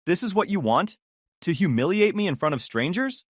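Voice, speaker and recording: A man voicing a drunk, furious young woman who yells at her ex and breaks into tears. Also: sing-song, normal speed, no echo, studio quality. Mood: bitter. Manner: shrill yelling, voice cracking. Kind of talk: storytelling voice acting.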